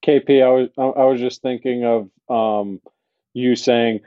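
A man co-hosting a casual sports podcast, talking haltingly with many fillers. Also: mid-range voice, steady tone, dry recording, narrow, tinny audio. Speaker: podcast co-host.

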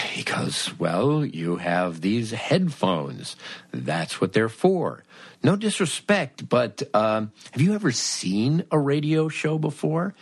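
Male podcast host, middle-aged, self-mocking storyteller, low lively voice, dry close sound. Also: no room sound. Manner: acts out both sides of a conversation. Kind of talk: storytelling monologue.

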